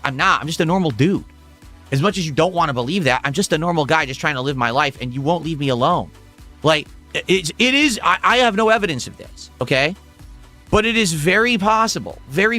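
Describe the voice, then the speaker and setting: A man with a fairly high, bright and forceful voice talks to his livestream chat in a blunt, exasperated rant and swears freely. Faint music plays underneath. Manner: blunt, profane, exasperated ranting. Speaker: livestream host. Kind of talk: casual livestream talk to chat. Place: at home.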